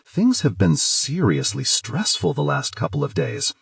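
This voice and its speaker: A man narrating a romance audiobook in first person, playful and expressive. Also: mid-range voice, a little slow, gravelly, no echo, clean studio sound.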